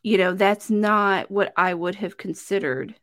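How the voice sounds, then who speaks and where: A woman hosting a podcast, chatty and quick to laugh, who backs up her guest with frequent murmured agreement. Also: mid-range voice, a bit bright. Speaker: podcast host. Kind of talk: casual chat.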